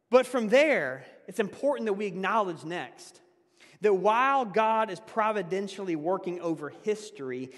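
High-voiced pastor preaching in a hall. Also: male voice. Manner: conversational, laughs often, swings from loud to hushed. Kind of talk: sermon.

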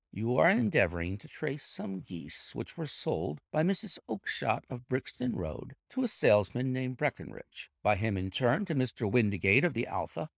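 A man voicing a calm, confident detective who speaks blandly and evenly. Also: mid-range voice, dry recording, studio quality, pitched above the performer's own voice. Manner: bland, smooth, measured.

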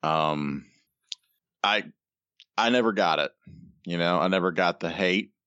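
A man's voice: low voice, unhurried, sharp tone, smooth, dry recording, dull audio. A man co-hosting a podcast, chatting in a laid-back, teasing way. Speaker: podcast co-host. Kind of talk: casual chat.

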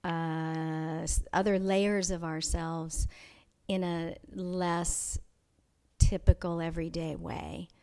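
A woman's voice: fairly low pitch, level tone, darkish tone, smooth. Thoughtful woman telling a personal story. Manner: thoughtful and measured, with frequent pauses and restarts. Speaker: interview guest. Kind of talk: reflective personal storytelling in conversation.

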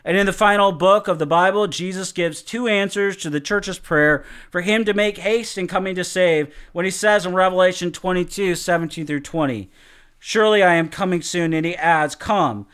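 A man giving an earnest, measured Bible teaching and reading scripture quotes in a sermon style. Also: sits high, a bit bright, smooth.

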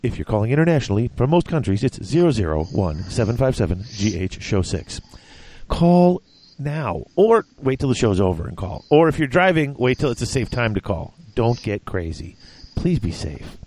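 A man's voice: mid-range voice, very animated, brisk, darkish tone. A man hosting a hobby gaming podcast, joking and teasing his co-host in casual chat.

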